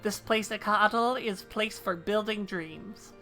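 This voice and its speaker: A woman voicing a gruff male bird-man crafter who speaks in inverted, broken word order, reading game dialogue aloud in character. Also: mid-range voice, slow pace, sharp tone, faint music behind. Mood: earnest.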